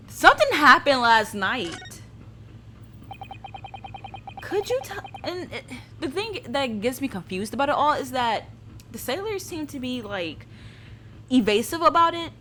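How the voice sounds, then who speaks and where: A woman's voice: sits high, bright, forceful tone, a little hiss or hum. A woman giving casual, chatty commentary while she plays a game, musing aloud and often giggling. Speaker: let's play gamer.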